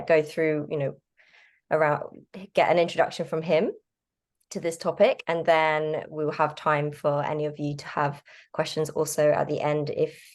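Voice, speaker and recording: A woman hosting a relaxed online conversation, introducing her guest in an easygoing way with frequent fillers. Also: sits low. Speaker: host.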